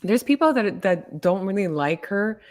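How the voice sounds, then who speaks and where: A woman from Miami in a casual podcast chat, blunt and animated, using slang. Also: mid-range voice, moderate pace.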